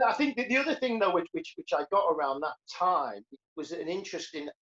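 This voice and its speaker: A man's voice: a little high, sing-song, brisk, a bit bright. Man in his sixties, lo-fi sound. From Liverpool, England. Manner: earnest, reflective, stammers into sentences. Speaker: guest, comedian and karateka. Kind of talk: casual conversational interview.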